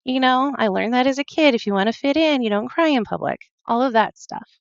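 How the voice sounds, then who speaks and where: A woman guest on a podcast telling a personal story earnestly, halting often and quoting her own thoughts. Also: high voice, animated, vocal fry, dry recording, lo-fi sound. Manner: earnest, halting, with many fillers and quoted self-talk.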